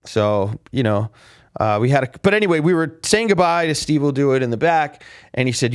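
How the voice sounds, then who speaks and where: A man hosts a casual fight recap show, rambling through backstage stories with plenty of "uh" and restarts. His voice sits at an ordinary pitch for a man. The recording is dry, with no room sound. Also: lively intonation, brisk, smooth, no room sound. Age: adult with a father. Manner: rambling storyteller with many restarts and fillers. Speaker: podcast host. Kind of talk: casual chat.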